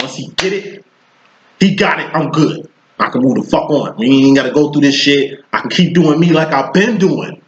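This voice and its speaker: A man's voice: a little high, fairly bright tone. Blunt, profane man in his thirties. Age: 30s. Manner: blunt, profane street talk. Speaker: psychic tarot reader. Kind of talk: casual tarot reading vlog. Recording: roomy, dull lo-fi sound.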